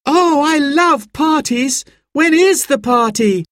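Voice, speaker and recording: A man voicing an eager young girl in a storybook reading, bubbly and excited. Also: high-pitched, slow pace, dry recording, studio quality, pitched above the performer's own voice.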